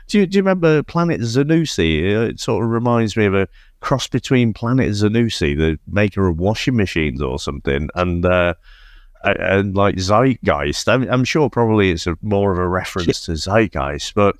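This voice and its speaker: A man's voice: on the low side, animated, normal speed, no echo, studio quality. A man co-hosting a casual film review chat, incredulous and sweary, often restarting his sentences. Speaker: podcast co-host.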